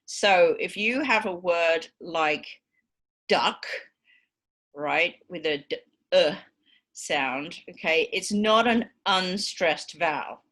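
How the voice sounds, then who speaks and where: A woman's voice: on the low side, slow pace, fairly bright tone. A woman with a British accent giving a university lecture, patiently explaining with frequent ums and okays. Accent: British English.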